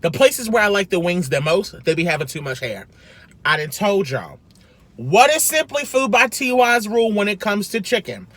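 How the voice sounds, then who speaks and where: Animated, sassy male food vlogger. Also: high-pitched, normal speed, no room sound. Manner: animated, sassy, eating while talking. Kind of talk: casual mukbang chat. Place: parked car.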